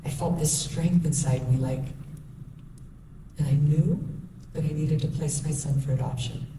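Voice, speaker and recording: A woman's voice: deep voice, steady tone, a little slow. A woman in her thirties giving a candid personal testimony as a guest speaker, telling her story with quoted dialogue. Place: school hall. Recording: echoey room, distant mic, faint noise.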